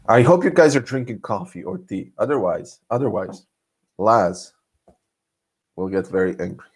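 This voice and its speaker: A man's voice: fairly low pitch, expressive, slow, long pauses, breathy edge. A man from Serbia, chatting casually on a live stream, joking and laughing often between lines.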